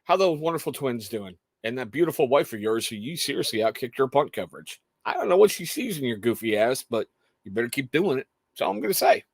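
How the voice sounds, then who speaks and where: A man in his thirties hosting a casual show, telling family stories in an animated way and laughing often. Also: medium pitch, fast talker, no room sound. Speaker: podcast host talking to chat. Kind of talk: casual chat.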